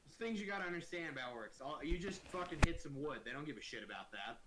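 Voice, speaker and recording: A man's voice: on the high side, lively intonation, fast talker, very noisy. A man narrating a tabletop game as game master, casual and profane, with frequent filler words, over a voice call.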